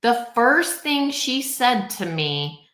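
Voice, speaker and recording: A woman guest in casual conversation, talking in an animated way and often tagging her points with "like" and "right?". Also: on the high side, takes it slowly, reverberant. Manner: animated, acts out quoted people, peppers talk with "like" and "right?". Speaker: podcast guest.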